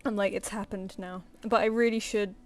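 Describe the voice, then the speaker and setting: A woman's voice: medium pitch, fairly even intonation, moderate pace. A woman artist chatting casually on a live stream, rambling and self-deprecating, and talking to her pet between thoughts.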